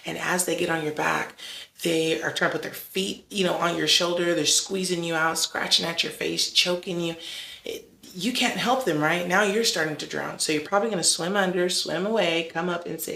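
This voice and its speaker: Devotional vlog host with vocal fry, chatty and easygoing, recorded with a roomy echo. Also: medium pitch, steady tone, normal speed, sharp tone. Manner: conversational, frequent "like" and "right?". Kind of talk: casual devotional talk.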